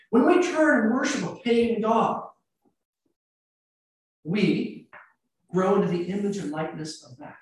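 A man with an American accent, a priest giving a conversational sermon full of anecdotes and rhetorical questions. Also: high voice. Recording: echoey church, mic at a distance.

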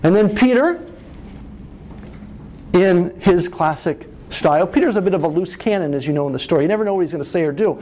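A middle-aged man preaching a sermon, telling a story with lively rises and falls and often asking "right?". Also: sits high, a little fast. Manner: animated storytelling, asks "right?".

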